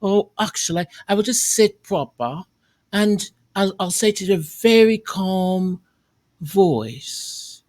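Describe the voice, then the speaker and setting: A male commentary host reacting sarcastically to news clips, mocking and drawn-out, often laughing. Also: high-pitched, a little mellow, dry recording, clean studio sound.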